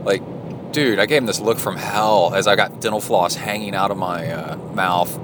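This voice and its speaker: A man's voice: low voice, moderate pace, background noise. A man, rambling and chatty as he records a casual training-log monologue into his phone in a locker room. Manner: rambling, chatty storytelling with many fillers. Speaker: podcast host.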